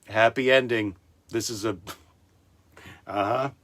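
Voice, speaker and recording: A man's voice: lowish voice, fairly even intonation, slow pace, a bit bright. A man hosting a casual comic monologue, retelling a story with rambling wisecracking asides. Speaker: comedian host.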